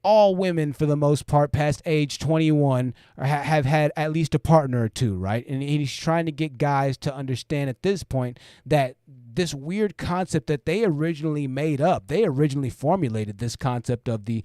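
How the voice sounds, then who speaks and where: A man's voice: fairly high pitch, animated, normal speed, mellow, no room sound, clean studio sound. A man hosting a casual commentary stream, reacting to a video and chatting loosely with viewers, full of "like" and "you know.". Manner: rambling, filler-heavy, addresses viewers directly.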